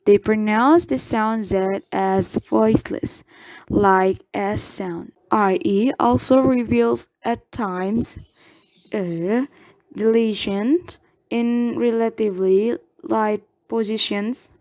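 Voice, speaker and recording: A woman's voice: medium pitch, fairly even intonation, slow, a little mellow, no echo. A young adult woman from Indonesia reading a class presentation as a university student, carefully saying each example word twice.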